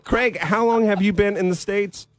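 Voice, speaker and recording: A man hosting a morning radio show, chatting and joking with callers in an animated way. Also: high voice, normal speed, noisy background. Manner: jokey, animated. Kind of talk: casual chat.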